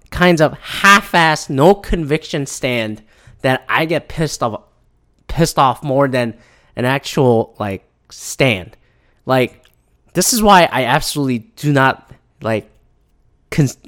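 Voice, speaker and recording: A man's voice: medium pitch, a bit bright. A man in a heated, profane casual rant, often mimicking other people in mocking voices. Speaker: commentator. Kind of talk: ranting casual commentary.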